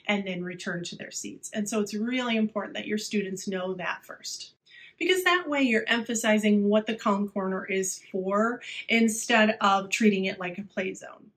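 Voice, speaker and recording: A woman who teaches, talking casually through classroom tips with many fillers, often dropping to a quiet voice. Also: mid-range voice. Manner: chatty, many fillers, drops to a quiet, hushed voice at times. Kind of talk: casual instructional talk.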